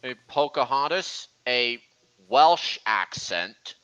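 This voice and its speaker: A man's voice: medium pitch, animated, takes it slowly, bright, forceful tone, clean tone, low-quality recording. A young man hosting a casual voice-chat stream, rambling and often restarting his sentences. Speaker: stream host.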